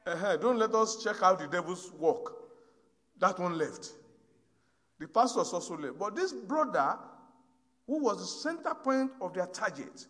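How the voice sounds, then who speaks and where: Male preacher, storytelling sermon, high lively delivery, long hall reverb. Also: measured pace, long pauses. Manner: storytelling, swings from hushed to loud exhortation.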